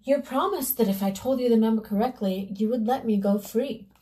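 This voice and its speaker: A woman voicing a polite, frightened young girl who pleads gently, read aloud from a storybook. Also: fairly high pitch, a little fast, lightly acted. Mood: pleading.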